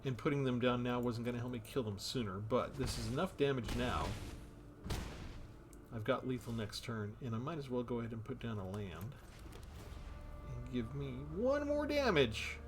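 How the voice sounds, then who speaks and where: A man's voice: medium pitch, fairly even intonation, brisk, music in the background. A man giving casual commentary on a card game he is playing, thinking aloud about his moves.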